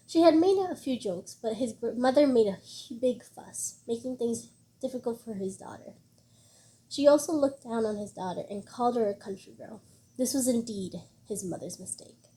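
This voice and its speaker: Woman, web novel reading, steady storytelling, fairly high, mellow. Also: normal speed. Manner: steady storytelling read with small restarts. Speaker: audiobook reader.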